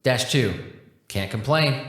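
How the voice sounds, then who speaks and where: A man's voice: medium pitch, takes it slowly, a bit bright. A breezy, easygoing cosmic tech support being, chatty and full of slang, as a male narrator puts him on. His voice sits in a middling register. It comes through with a roomy echo around it. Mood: laid-back.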